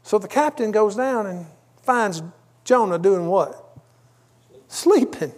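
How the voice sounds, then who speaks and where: A man's voice: high-pitched, expressive, takes it slowly, darkish tone. A man preaching a sermon, telling a story conversationally with asides. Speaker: pastor.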